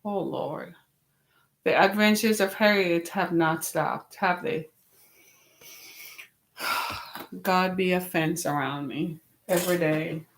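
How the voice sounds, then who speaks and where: A woman's voice: lowish voice, measured pace, reverberant. A woman hosting her web series, talking casually to camera, tired and a little wheezy from lack of sleep, with a chatty, exasperated, rambling manner.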